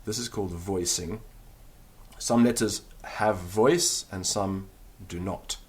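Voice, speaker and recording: A man's voice: sits low, takes it slowly, darkish tone, husky. A man teaching a recorded beginner language lesson, explaining patiently and demonstrating the sounds aloud.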